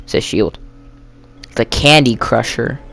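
A man giving rambling, chatty let's-play commentary while gaming with a friend, full of fillers and sudden excited yelps. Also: medium pitch, a little slow, creaky, soft background music. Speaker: gamer playing co-op with a friend.

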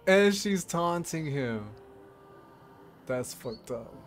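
A man's voice: a little high, animated, drawn-out words, faint music behind. A man giving casual, rambling commentary while playing a game, laughing often and talking to himself. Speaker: gameplay streamer.

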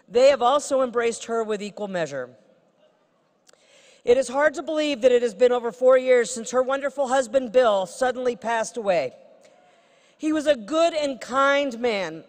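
Woman giving a formal award introduction in a hall. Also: fairly high pitch. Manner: formal, with playful asides. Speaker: state senator presenting an honorary degree. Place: large ceremony hall. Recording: reverberant ceremony hall.

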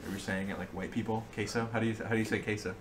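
A young man chatting casually on a livestream, rambling and restarting his sentences as he gets excited. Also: lowish voice, rapid-fire, faint music behind. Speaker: streamer guest.

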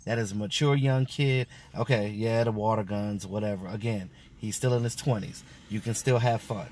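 A man's voice: lowish voice, steady tone, normal speed, a little mellow, a little hiss or hum. A man talks casually through his reaction to a football interview. He rambles, restarts his sentences and leans on plenty of fillers, like a fan vlogging to camera.

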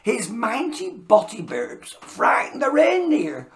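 A woman narrating a children's story in a playful, expressive voice, host of her own reading channel. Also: high voice, slow, hardly any pauses, slight background noise.

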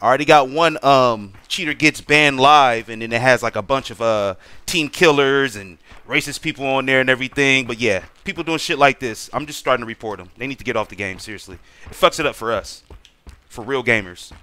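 A man's voice: medium pitch, brisk, bright, forceful tone, clean tone. A young man ranting profanely over his gameplay as a gaming streamer. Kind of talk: casual gameplay commentary.

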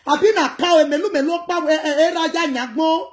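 A Nigerian woman chatting casually to her viewers on a livestream, in an animated way that mixes pidgin with another local language. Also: very high-pitched, fast talker. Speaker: livestream host.

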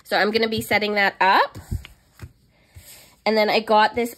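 A woman's voice: fairly high pitch, measured pace, fairly bright tone. A young woman chatting casually in a haul vlog, gushing and squealing over cute planner stickers. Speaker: planner vlogger.

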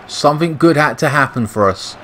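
Swearing, frustrated British gaming commentator. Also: male voice, on the high side, animated, fairly quick, pushed and bright, slight background noise, poor audio. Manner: frustrated, swearing, muttering at the game. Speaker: gaming YouTuber. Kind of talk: gameplay commentary.

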